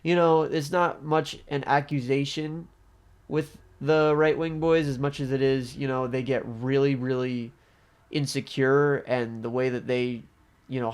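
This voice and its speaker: A man's voice: mid-range voice, clean tone. Profane rambling young man ranting. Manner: profane, rambling, frequent fillers. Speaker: vlogger. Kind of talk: casual storytime rant.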